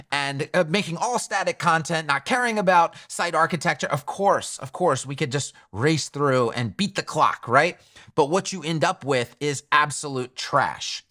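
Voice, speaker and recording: A man's voice: a little high, sharp tone. A man teaching web design in a screen-recorded tutorial, thinking aloud in a chatty way and correcting himself as he goes.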